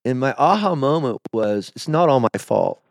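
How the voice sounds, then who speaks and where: A man's voice: mid-range voice, lively intonation, moderate pace, no room sound. A middle-aged man, a pastor being interviewed, telling his story in a candid, emotional, confessional way that halts at the hard moments. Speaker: pastor, podcast guest.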